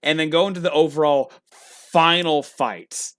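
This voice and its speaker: A young man co-hosting a casual game review podcast, excitable and prone to acting out lines in loud bursts. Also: on the high side, measured pace. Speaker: podcast co-host.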